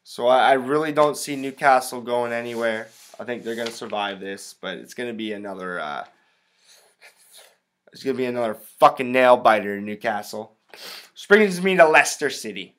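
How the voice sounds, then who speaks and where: A young man from the United States talks his way through a soccer preview on his own show, swearing freely and wandering off on tangents. His voice has a bright, forward edge, and his delivery is blunt and unpolished. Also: medium pitch, normal speed. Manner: profane, rambling, blunt. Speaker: podcast host. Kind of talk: casual solo sports commentary.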